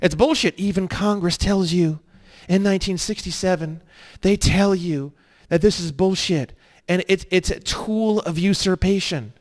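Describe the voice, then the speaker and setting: A man with a high-pitched voice lectures an online course. He swears freely and rants, sliding from quiet asides into loud, emphatic bursts. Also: measured pace. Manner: swearing, ranting, swinging between low mutters and loud emphatic bursts. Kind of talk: heated profane lecture.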